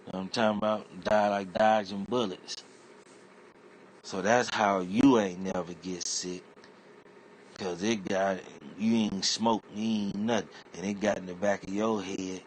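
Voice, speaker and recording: This comedic rant monologue comes from an internet comedian whose very low voice stays fairly even in intonation and unhurried. Loose and streetwise, he swears his way from topic to topic while a faint background hum runs underneath.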